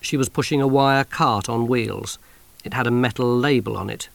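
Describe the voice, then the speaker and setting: A man reads an audiobook with an expressive, wry storytelling flair, leaning into each scene. His voice sits at an ordinary middle pitch. The recording is dry and close, with no room sound. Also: normal speed, creaky, dry recording. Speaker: audiobook narrator. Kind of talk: scripted audiobook narration.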